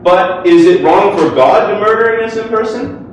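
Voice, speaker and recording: A man's voice: high-pitched, moderate pace, slight background noise. A man arguing his side in a formal debate, speaking earnestly and conversationally with frequent fillers, before an audience in a hall. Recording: echoey hall, distant mic.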